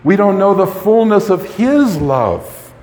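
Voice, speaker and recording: A man's voice: high voice, big pitch swings, slow, a little mellow. A man preaching a sermon in an emphatic way, often repeating words as he starts a sentence. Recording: long reverb of a hall.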